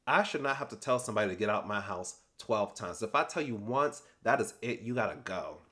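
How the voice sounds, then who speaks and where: Young guy doing a sassy reality tv recap, super animated, quoting everybody. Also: fairly low pitch, fairly quick. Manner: animated and sassy, quotes people with slangy asides. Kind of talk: casual recap commentary.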